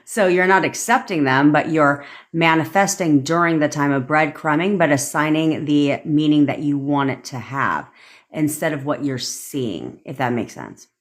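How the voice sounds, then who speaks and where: Low-voiced chatty woman coach. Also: a little slow. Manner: chatty, frequent profanity, addresses viewers by name. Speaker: manifestation coach. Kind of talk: casual livestream talk. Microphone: phone.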